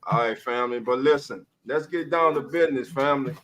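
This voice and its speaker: A man hosting a casual sports podcast live stream, greeting viewers with loud, hyped shout-outs, speaking. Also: medium pitch, fairly quick. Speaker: podcast host.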